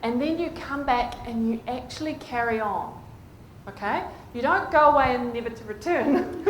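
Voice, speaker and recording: A woman's voice: fairly high pitch, moderate pace, roomy sound, a little hiss or hum, rough recording. A woman, a clinician, giving a conference presentation and often checking in with the audience. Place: conference hall.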